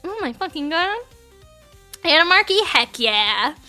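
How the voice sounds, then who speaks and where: A woman's voice: extremely high pitch, big pitch swings, measured pace, bright, forceful tone, soft background music. A woman in her thirties chatting casually on a livestream, playful, laughing often and swearing freely. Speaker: streamer.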